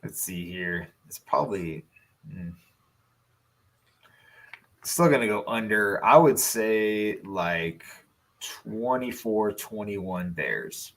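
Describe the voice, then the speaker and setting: A man with a Chicago accent chats casually about football as a podcast co-host, his voice sitting somewhat low. He rambles loosely and swears without a second thought. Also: animated, slow pace, long pauses, fairly bright tone, rough recording. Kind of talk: casual sports chat.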